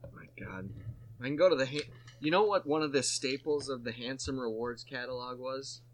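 A man chatting loosely with friends, rambling through a story. His pitch sits in an ordinary middle range. He jokes as he goes and drops into quick impressions of the people in it. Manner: rambling, jokey, acts out quoted voices. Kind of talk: casual comedy chat.

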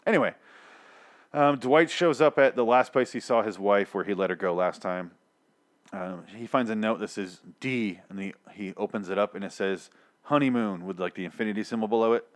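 A man's voice: lowish voice, moderate pace. A young man giving a profane, exasperated, sarcastic recap of a TV episode, stumbling and restarting often. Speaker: TV episode reviewer. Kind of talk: ranting casual recap.

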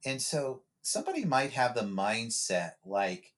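A male therapist chats on a podcast at a middle pitch. He is reflective and loose, circling back with repeated words and restarts as he works through his ideas. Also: huge pitch swings, a little slow, hardly any pauses. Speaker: therapist guest. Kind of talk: casual podcast conversation.

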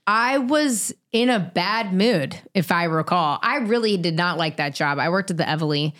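A woman from the San Francisco Bay Area telling stories in a casual chat, animated and profane. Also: fairly low pitch, normal speed. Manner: profane, animated storytelling with shouted quotes. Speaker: guest.

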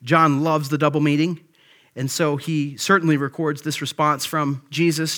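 A man's voice: fairly high pitch, steady tone, moderate pace, a bit bright. A man pastor giving a sermon in a casual, conversational way, often checking in with "right?".

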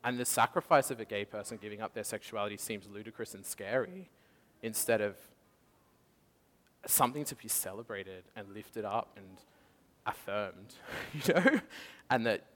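A man's voice: fairly low pitch, moderate pace, fairly bright tone. A man preaching a passionate testimony sermon in a church hall, telling his story with frequent laughs. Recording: long reverb of a church hall.

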